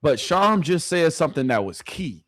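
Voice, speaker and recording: A man's voice: a little high, big pitch swings, moderate pace, a bit bright, dry recording, studio quality. A man streaming live sports reactions, emphatic and repeating his points for emphasis. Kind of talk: casual livestream sports reaction.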